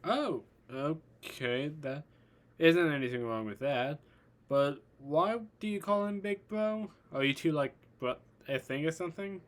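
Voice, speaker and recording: Man as a blunt young swordsman, curious, casual, slow delivery, fan storybook. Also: fairly high pitch, lightly acted.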